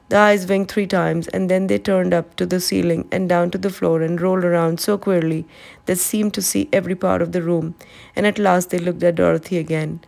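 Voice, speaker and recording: A woman narrating a classic storybook aloud with a calm, steady reading. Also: lowish voice, brisk, vocal fry.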